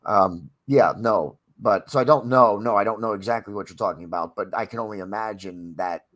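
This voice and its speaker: Male podcast host, lowish voice, rambling questions, joking. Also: fairly quick, fairly bright tone. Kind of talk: casual podcast interview.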